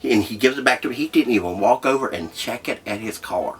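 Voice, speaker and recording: A man hosting a comedy show, telling a profane story in a brash, loud way. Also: mid-range voice, fairly quick, husky. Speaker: host. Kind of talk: comedic monologue.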